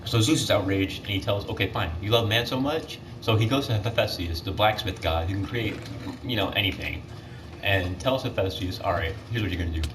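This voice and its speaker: A teenage boy with a fairly low voice retells myths at a moderate pace while gaming, rambling casually with plenty of fillers and self-corrections. He's recorded on a distant mic, and background noise is clearly audible.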